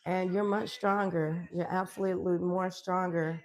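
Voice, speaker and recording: A woman's voice: on the low side, little pitch movement, normal speed. A woman wellness coach chatting on a live stream at home, emphatic and affirming, often laughing as she talks. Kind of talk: live-stream motivational chat.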